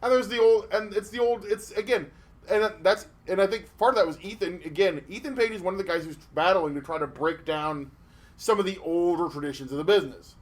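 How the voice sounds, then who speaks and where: A man co-hosting a casual podcast, telling stories in an animated way with lots of swearing and restarts. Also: high-pitched, brisk. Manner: animated storytelling with profanity and restarts. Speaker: podcast co-host.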